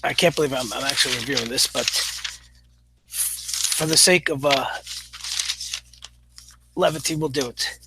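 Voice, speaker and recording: A man giving a casual spoken review of a comedy show, blunt and opinionated, halting often with "uh" fillers. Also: mid-range voice, very noisy. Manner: halting, full of pauses and "uh" fillers.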